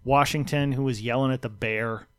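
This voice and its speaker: Man from minnesota, smooth clear voice, wry storytelling, dry sound. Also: mid-range voice, steady tone, moderate pace, a bit bright, no room sound. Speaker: talk show host. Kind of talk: casual chat.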